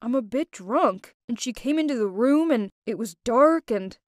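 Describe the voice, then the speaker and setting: A woman's voice: on the high side, animated, moderate pace, no echo, clean studio sound, natural voice. A woman voicing a drunk young man stammering excuses after being caught cheating. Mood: pleading.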